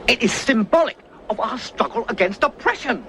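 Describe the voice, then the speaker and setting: A man playing an earnest, self-important male revolutionary leader in an old comedy film, speaking in a rapid, pompous way. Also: very high voice, lively intonation, fairly bright tone, exaggerated voice. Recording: old film clip with faint hiss.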